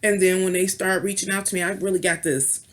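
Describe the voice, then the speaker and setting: This woman, a vlogger and tarot reader, has a lowish, steady voice and a brisk delivery. She rambles through a casual, chatty, playful rant, restarting often, tossing in sultry, knowing asides and playful beeping sounds.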